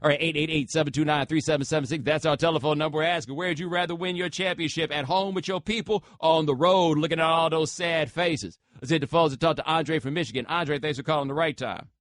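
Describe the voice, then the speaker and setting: A man's voice: fairly high pitch, steady tone, fast talker, few pauses, fairly bright tone, dry recording, clean studio sound. Joking man hosting sports talk radio. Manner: loose and joking, slangy asides like "bro" and "man". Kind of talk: casual talk radio, taking calls. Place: radio studio. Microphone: studio microphone.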